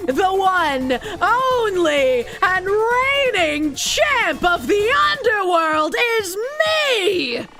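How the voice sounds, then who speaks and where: A woman voicing a loud, boastful male wrestler who brags and bellows as he makes his entrance in a game. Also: very high-pitched, very animated, extremely slow, few pauses, soft background music, voice pushed up, exaggerated voice. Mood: boastful shouting. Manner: bellowing, bragging.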